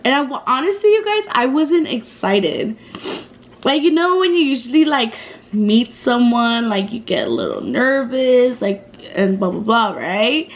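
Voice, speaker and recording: A woman's voice: on the high side, very animated, a little slow. A woman in her twenties telling a casual storytime vlog in a chatty, slangy way, with lots of fillers and swearing. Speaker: vlogger.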